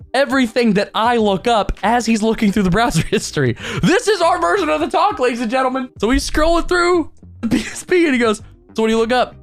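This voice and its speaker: A young man telling a funny story from his youth in a storytime video, animated and joking. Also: very high-pitched. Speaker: storytime vlogger. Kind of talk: comedic storytime narration.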